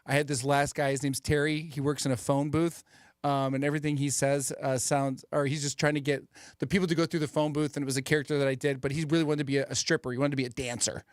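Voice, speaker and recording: A man's voice: a little high, level tone, fast, dry recording, studio quality. A man who is a comedian, guesting on a radio show and telling a loose story with many restarts. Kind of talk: casual radio interview.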